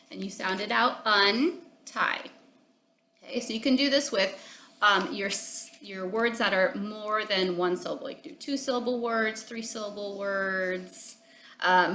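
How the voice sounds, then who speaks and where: A woman teacher leads a phonics lesson for young children, speaking in an encouraging, sing-song way and often checking in with "okay?". Her voice is bright and forceful. The sound is echoey, like a bare room at home, with a faint hum of ambience behind her. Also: medium pitch.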